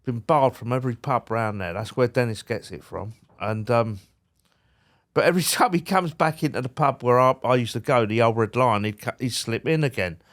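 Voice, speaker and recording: Male podcast guest, mid pitch, casual anecdote-teller who trips over words. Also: moderate pace. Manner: chatty, repeats words when starting, colloquial. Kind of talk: casual storytelling chat.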